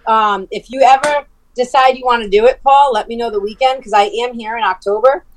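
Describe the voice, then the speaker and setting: A woman's voice: fairly high pitch, a little fast, no room sound. A woman in casual chat, telling a running story with lots of swearing and laughter. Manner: animated storyteller, swears freely, laughs often. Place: lives near Providence.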